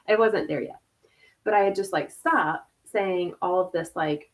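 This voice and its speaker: A woman's voice: medium pitch, lively intonation, normal speed. A woman hosting a casual live stream from home over a video call, chatty and laughing, full of "like" and "y'all". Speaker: host.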